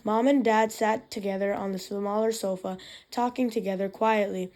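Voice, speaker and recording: A woman's voice: mid-range voice, fairly even intonation, normal speed, darkish tone. A woman reading a novel aloud in the first person, with occasional slips and restarts. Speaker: reader.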